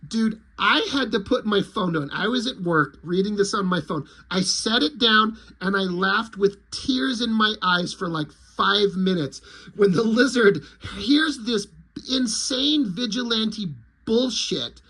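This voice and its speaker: A man casually and excitedly retelling a comic he loves, swearing freely as he recounts it. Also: high voice, unhurried, husky. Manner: excited, profane, laughing storyteller. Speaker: comic reviewer.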